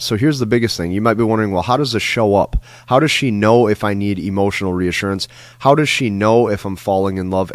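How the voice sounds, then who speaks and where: A man's voice: medium pitch, no room sound. A man giving a lecture-style dating advice monologue, talking emphatically and repeating himself, often tagging lines with "like" and "right?". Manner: emphatic, repetitive, frequent "like" and "right?". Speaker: dating coach.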